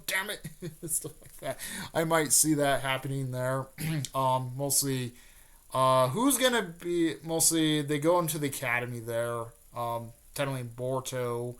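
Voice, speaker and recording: With a fairly bright tone at medium pitch, a man rambles through an off-the-cuff retelling of a fan-made story. Fillers and restarts come often, and he tosses in quick lines spoken by the characters.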